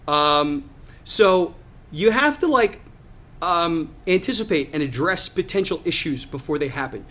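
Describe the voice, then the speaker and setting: A young adult male teacher giving an informal presentation to other teachers, conversational with plenty of fillers as he runs quickly through a list. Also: fairly high pitch, fairly bright tone.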